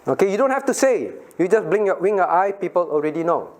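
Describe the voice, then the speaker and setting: A man's voice: high-pitched, expressive, brisk. A middle-aged male pastor leading a children's Bible lesson, asking questions, laughing often and acting out little scenes.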